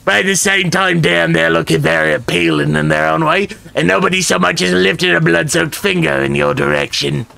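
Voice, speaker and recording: A man reads a game's narration aloud in a wry, theatrical way, slipping in joking asides. His voice is heavily gravelly, with lots of fry, and it sits a touch high with a bright edge. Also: steady tone, a little fast, hardly any pauses, soft background music. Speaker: let's play host.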